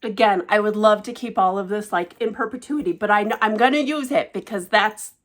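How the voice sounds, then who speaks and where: A woman talks through a haul of stitching gifts in a casual vlog. She gushes, and her voice often drops to a soft, breathy hush when she's moved. Her pitch sits in an ordinary middle range. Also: a little fast. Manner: gushing, emotional, often hushed and breathy with delight. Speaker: cross-stitch vlogger. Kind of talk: casual show-and-tell vlog.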